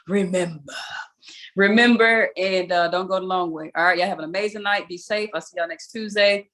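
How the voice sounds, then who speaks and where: A woman's voice: fairly low pitch, steady tone, fast talker, a bit bright. A young adult woman hosting a weekly video call, telling a story casually, with a chatty, self-mocking manner and frequent laughs.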